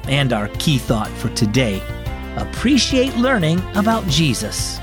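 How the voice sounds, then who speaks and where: A man hosting and narrating a children's devotional story in a gentle, expressive storytelling manner. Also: fairly high pitch, unhurried, over music. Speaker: host and narrator.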